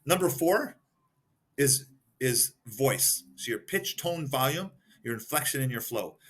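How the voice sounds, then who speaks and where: A man's voice: mid-range voice, animated, unhurried, fairly bright tone, husky. A man talking as a guest expert on a podcast, explaining points one by one and giving examples. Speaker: guest expert in behavioral analysis.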